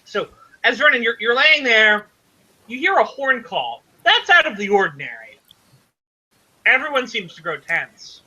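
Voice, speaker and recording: A man's voice: very high-pitched, big pitch swings, measured pace, bright, forceful tone, breathy edge, muffled recording. A man narrating as game master of a tabletop game, rambling with many fillers and restarts.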